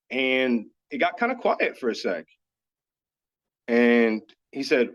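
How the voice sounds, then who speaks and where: With a mid-range, fairly bright voice, lively intonation and a moderate pace, a yoga teacher from Dallas, Texas recounts a personal story as a guest on a podcast. The chat is casual, earnest and candid, filled with frequent "like," and the recording is dull and lo-fi.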